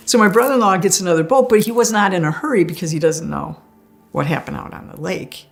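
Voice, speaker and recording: A woman with a lowish voice and vocal fry talks quickly, laughing as she conversationally shares her own near-death experience as a guest. Faint music plays underneath.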